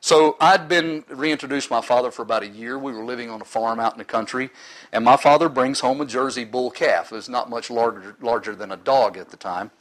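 Middle-aged guy telling his life story to an audience, earnest and kinda emotional, normal pitch. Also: fairly quick, fairly bright tone, low-quality recording. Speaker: ministry leader giving his testimony. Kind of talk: personal testimony speech to a live audience.

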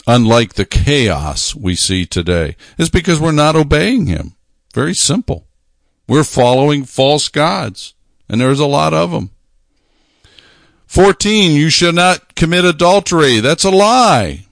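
A man preaching a sermon, talking emphatically, repeating phrases and slowing down to stress his points. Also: fairly high pitch, lively intonation, gravelly, no room sound, studio quality.

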